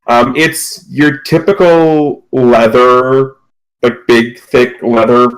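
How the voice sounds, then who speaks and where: A man running a tabletop role-playing game as game master. He narrates in a loose, casual way, full of fillers, in an ordinary mid-pitched voice. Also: steady tone, slow pace, low-quality recording.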